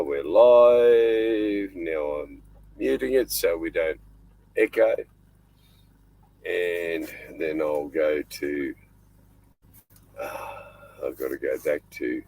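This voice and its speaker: A man's voice: extremely low pitch, lively intonation, slow, vocal fry, long pauses, a little mellow, slight background noise, rough recording. An older Australian man hosting a casual live stream from inside his small boat at night, rambling and chatting in between fussing over his dog. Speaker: livestream host.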